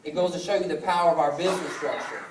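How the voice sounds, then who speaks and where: A young man with a high voice gives a motivational sales talk, acting out the people in his stories. He is picked up from a distance in a roomy, echoing hall with faint ambience behind him. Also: racing, a little hiss or hum. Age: 20s. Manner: storytelling that acts out family dialogue. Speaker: sales presenter. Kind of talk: motivational business presentation.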